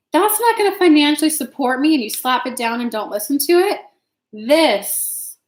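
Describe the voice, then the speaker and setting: Chatty tarot-reading woman in an echoey room. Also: fairly high pitch. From United States. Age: young adult. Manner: chatty, reads comments aloud, swears casually. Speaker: tarot reader and channel host. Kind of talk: casual live-stream tarot reading.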